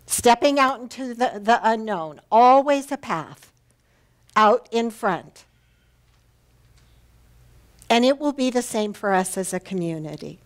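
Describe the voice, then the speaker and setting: A woman's voice: a little high, lively intonation, takes it slowly, pauses often. A woman minister giving a Sunday sermon, telling a personal story in a heartfelt, earnest way. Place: church sanctuary.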